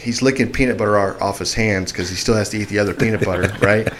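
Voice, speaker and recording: A man's voice: on the low side, quick pace. A man telling a long story on a podcast in casual speech, acting out the voices of people in it. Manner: animated, acts out shouting voices in his story.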